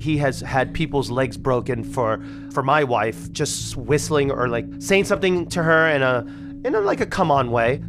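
A man in his thirties telling a personal story in the first person, animated and acting out the people in it. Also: medium pitch, normal speed, over music. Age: 30s.

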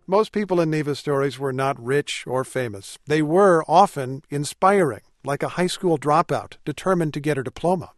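A man hosting a radio news program, reading a scripted farewell segment in a measured, even delivery. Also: on the high side, dry recording. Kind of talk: scripted broadcast narration. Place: radio studio. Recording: dry studio sound with music bed.

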